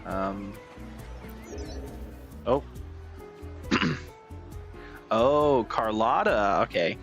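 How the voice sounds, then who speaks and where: A man's voice: mid-range voice, moderate pace, fairly bright tone, soft background music. Rambling male gaming streamer. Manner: rambling, filler-heavy, wry. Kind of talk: casual gaming commentary.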